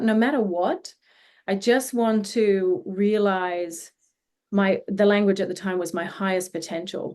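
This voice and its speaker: A woman's voice: medium pitch, a little mellow. A woman, a healing practitioner guest, telling a personal story in an interview in an earnest, reflective way. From Australia.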